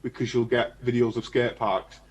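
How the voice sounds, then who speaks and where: A man's voice: medium pitch, flat delivery, normal speed, breathy edge. A man, a musician guest on a chat show, talking casually and modestly.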